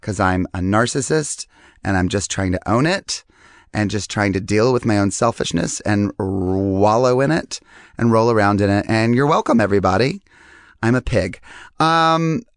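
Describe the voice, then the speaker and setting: A man with a hoarse, strained voice hosting a podcast in a rambling, self-deprecating, chatty monologue. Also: medium pitch, a little slow, no echo, clean studio sound. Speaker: podcast host. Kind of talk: casual monologue.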